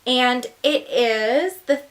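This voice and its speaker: A woman chatting casually through an unboxing, gushing and excitable, with gasps and whispered asides. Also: fairly high pitch, drawn-out words. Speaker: book vlogger.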